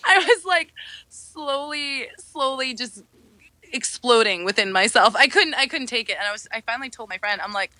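An American woman chats as a podcast guest, bouncing through anecdotes and jumping into high, theatrical voices for the people she quotes. Her voice is bright and sharp, recorded close and dry. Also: moderate pace, no echo. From United States. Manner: animated storyteller, acts out quotes in high voices. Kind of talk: casual chat.

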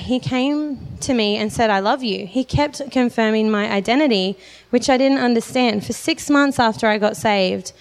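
A young woman with a fairly high voice preaches to a congregation, earnest and heartfelt as she shares her own story. Her words ring out with a long reverb in the church hall. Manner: earnest, personal testimony with light laughs. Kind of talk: sermon.

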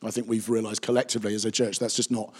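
A man, a pastor giving a chatty, anecdotal Bible teaching with animated asides. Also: fairly low pitch, racing, breathy edge. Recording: reverberant hall.

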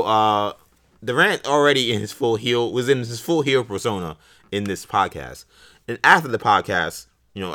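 A man with a low voice that still rings bright and forward. He co-hosts a podcast in casual sports chat, rambling with many fillers and restarts. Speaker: podcast co-host.

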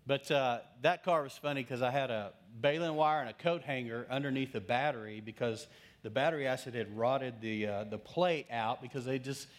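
A middle-aged male pastor preaching in a storytelling style, chatty and direct with his congregation. His voice sits in an ordinary middle pitch, rising with lively asides and dropping to a hush for the serious parts. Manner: conversational, swings from lively to hushed. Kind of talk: storytelling sermon.

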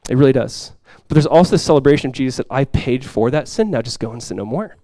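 A male pastor preaching a sermon to his congregation, swinging from loud, impassioned lines to quiet, soft ones. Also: mid-range voice, lively intonation, fast talker, no echo. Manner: impassioned preaching, swells loud for quoted cries then drops soft. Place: church sanctuary before a congregation.

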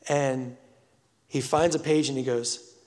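A pastor giving a sermon, telling a story with emphatic swells and hushed drops. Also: male voice, mid-range voice, fairly even intonation, takes it slowly, big-room sound.

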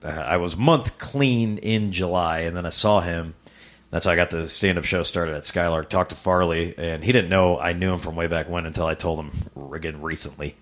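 A comedian from the American Midwest speaks in a very deep, low voice as a podcast guest. He talks casually about his own life, with frequent swearing and halting, repeated starts. He is recorded in a living room. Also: a bit bright. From Rock Island, US Midwest. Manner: swears often, halting, with stammered restarts. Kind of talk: casual personal storytelling in an interview.

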